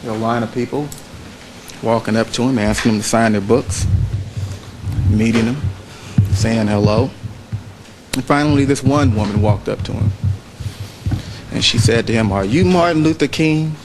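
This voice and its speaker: A trial lawyer giving a closing argument to a jury in a courtroom, speaking in a measured way and repeating phrases for emphasis. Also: male voice, lowish voice, fairly even intonation, background noise.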